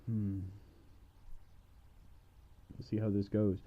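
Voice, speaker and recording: A man's voice: on the low side, monotone, very slow, highs cut off, slight background noise. A man voicing a smug, scheming little magic man in a casual fairy tale retelling, cocky and teasing. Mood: sly.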